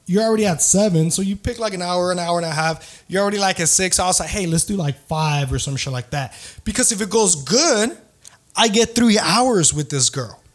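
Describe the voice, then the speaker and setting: Rambling, profane male podcast host. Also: sits high. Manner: profane, rambling, slangy with Spanish bits. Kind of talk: casual storytelling.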